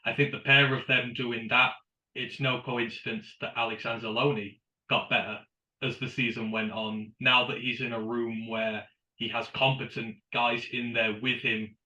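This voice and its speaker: Bright man on a roomy lo-fi mic. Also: mid-range voice, little pitch movement, moderate pace. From United Kingdom. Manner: expands on points, emphatic opinions. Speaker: podcast co-host. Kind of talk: casual sports podcast chat.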